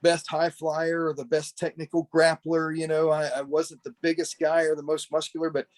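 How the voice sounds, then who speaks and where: A talkative man with a slightly high voice reminisces about an old friend, wandering through his story with restarts and plenty of "you know." He sounds like an ex-wrestler chatting over a video call camera. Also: completely flat delivery, normal speed. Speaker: former pro wrestler, podcast guest. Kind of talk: casual memorial reminiscing.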